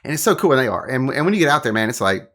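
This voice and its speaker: A middle-aged man from the American South, telling stories in a casual chat as a guest, animated and laughing, full of "like" and "you know". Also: medium pitch, very fast. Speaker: guest, wine tour guide.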